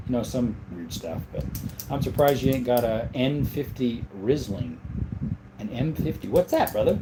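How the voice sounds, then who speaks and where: A man with an ordinary mid-range voice hosts a relaxed livestream and chats his way through viewer comments. His talk is loose and unhurried, full of small thank-yous. A faint noise sits under the recording. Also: mid-range voice. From Southern Arizona. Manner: relaxed, reads viewer comments aloud and answers them. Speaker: livestream host. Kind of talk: casual livestream chat.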